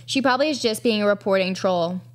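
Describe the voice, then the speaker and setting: A woman's voice: medium pitch, fast. A woman host reading text messages aloud and breaking off for casual commentary, full of "like" and "um". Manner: casual, with many fillers like "like" and "um".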